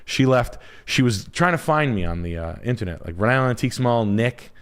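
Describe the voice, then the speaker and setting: A man's voice: mid-range voice, expressive, a little fast, fairly bright tone, clean tone. A man, a realtor hosting a live stream, telling a long casual story with lots of swearing and trailing off while he hunts for words. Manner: rambling, profane, trails off searching for words.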